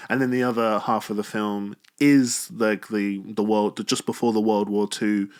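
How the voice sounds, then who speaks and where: A man giving a casual spoken film review, chatty and animated, with a self-mocking streak. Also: fairly low pitch, moderate pace, clear, resonant tone.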